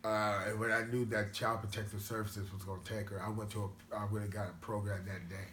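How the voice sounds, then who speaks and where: A man's voice: lowish voice, little pitch movement, fast talker, a bit bright, reverberant, a little hiss or hum. A man who is a father, giving short plainspoken answers and saying "you know" a lot. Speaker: interviewee, father. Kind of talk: casual interview.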